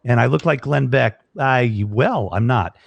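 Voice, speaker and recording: A man with a gravelly, fry-edged voice hosts a live online talk show. He rambles through his sign-off, grateful and joking, close to a studio microphone in a dry, dead-sounding room. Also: mid-range voice, unhurried, no room sound. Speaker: show host. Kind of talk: casual live-stream sign-off chat.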